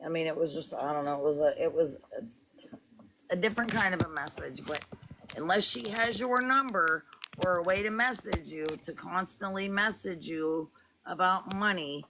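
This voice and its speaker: A woman's voice: lowish voice, moderate pace, background noise. A woman, chatting casually on a livestream from her home kitchen and talking in long, rambling stretches. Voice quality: rambling, fond of "it's like".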